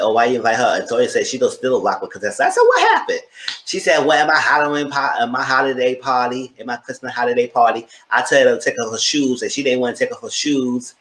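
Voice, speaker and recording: A man giving a casual, opinionated recap of a reality TV episode, acting out what the cast said in quick high voices. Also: fairly bright tone. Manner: chatty, opinionated, acts out quotes in high voices. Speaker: TV show reviewer. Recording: echoey room.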